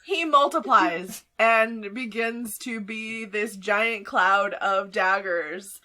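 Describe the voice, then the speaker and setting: Chill woman dm, bright voice, slow and giggly, narrates the scene. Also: mid-range voice. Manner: laughs often, chatty with fillers. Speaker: game master. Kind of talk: narrating a tabletop game.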